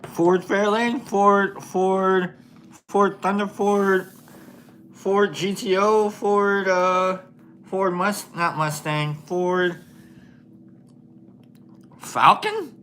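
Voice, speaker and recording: A man's voice: sits high, level tone, extremely slow, fairly bright tone, a little hiss or hum. A man hosting a casual livestream, chatting with viewers while he paints, laughing often and thinking aloud with many fillers. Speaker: livestream host.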